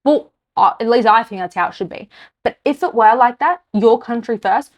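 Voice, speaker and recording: A woman's voice: fairly high pitch, moderate pace. An Australian woman, a podcast host, delivering an angry, blunt political rant to camera. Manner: heated, exasperated, speaks her mind bluntly.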